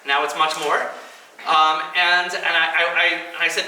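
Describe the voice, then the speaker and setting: A man's voice: a little high, level tone, normal speed, pushed and bright. A man in his thirties giving a personal speech at a kidney donation event, telling his story earnestly and acting out the voices he quotes. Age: 30s. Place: event hall. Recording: echoey hall, mic at a distance, faint noise.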